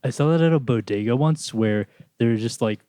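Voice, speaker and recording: A man with a mid-range voice, guesting on a comedy podcast. He tells anecdotes quickly and with animation. The sound is close and dry. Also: mid-range voice, mellow, clean tone, no room sound. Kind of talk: casual comedic banter.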